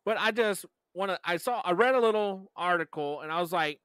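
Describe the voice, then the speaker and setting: A man co-hosting a casual fan podcast, laid-back and quick to laugh. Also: on the high side, fairly bright tone, clean tone, dry recording. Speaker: podcast co-host.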